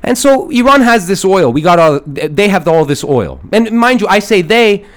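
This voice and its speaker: A man with a slightly high voice that swoops up and down as he rambles through a mock-grandiose, profane comedy bit. He talks like a self-appointed sage, full of restarts and asides. He is podcasting from a studio at night. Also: big pitch swings, normal speed. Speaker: podcast host. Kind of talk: improvised comedic rant in character. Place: studio at night in a big city.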